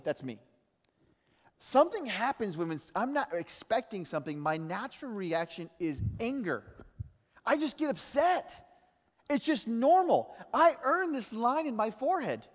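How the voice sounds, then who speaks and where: A middle-aged man preaching a sermon as a pastor, telling stories in an animated way and mimicking other people's voices. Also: high-pitched, normal speed. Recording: reverberant church hall.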